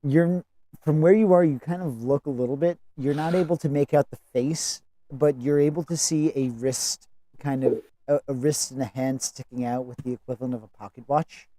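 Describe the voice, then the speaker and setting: A man's voice: mid-range voice, fairly even intonation, moderate pace, mellow, dry recording, poor audio. A man running a tabletop game, carefully describing the scene as game master.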